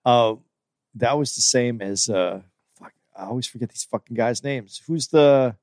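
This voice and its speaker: A man in relaxed casual conversation, speaking offhand and swearing casually. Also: medium pitch, a little slow, no room sound, studio quality. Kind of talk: casual chat.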